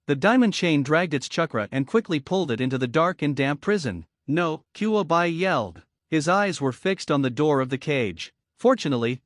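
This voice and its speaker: A man narrating an anime story recap in an even, flat reading. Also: fairly high pitch, dry recording, studio quality.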